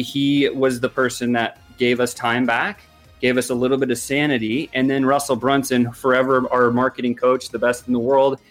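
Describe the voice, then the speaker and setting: A man sharing his business story as a podcast guest, energetic and rambling, full of fillers. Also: mid-range voice. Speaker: guest entrepreneur.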